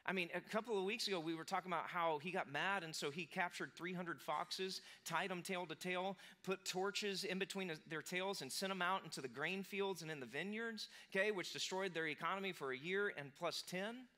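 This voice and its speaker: A man's voice: high-pitched, a little fast, few pauses, pushed and bright. A man preaching a sermon in a casual, conversational way, full of fillers and restarts, who acts out the lines of the people he describes. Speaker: pastor. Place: church sanctuary.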